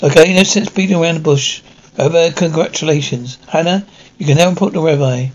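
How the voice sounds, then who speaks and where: An actor playing a stern male executive who briskly questions an employee in a television drama. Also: fairly high pitch, lo-fi sound, close to an everyday voice. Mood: probing.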